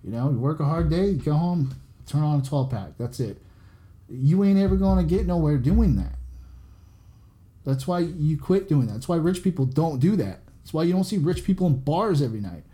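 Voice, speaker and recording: A man with a very dark, mellow voice delivers a casual motivational talk on his podcast. He is blunt and profane, and he hammers the same points again and again in loose, conversational phrasing. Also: fairly high pitch, lively intonation, moderate pace. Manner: blunt, profane, repetitive and preachy. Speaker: podcast host. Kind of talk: motivational monologue.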